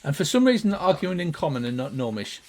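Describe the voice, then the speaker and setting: An older man narrates as game master, describing each room in an easy storytelling manner. His voice is gravelly and lively in pitch, sitting slightly high. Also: quick pace. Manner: descriptive, relaxed storytelling with sound effects.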